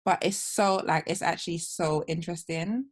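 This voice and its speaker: A woman's voice: on the low side, normal speed. A woman co-hosting a casual podcast chat, telling stories. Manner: animated storyteller, acts out her own reactions. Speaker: podcast co-host.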